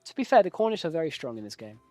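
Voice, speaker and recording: A man's voice: fairly high pitch, big pitch swings, rapid-fire, dark tone, dry recording, faint music behind. A man giving casual, rambling live commentary while playing a strategy game, joking at his own expense and swearing now and then. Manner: rambling, jokey, self-deprecating.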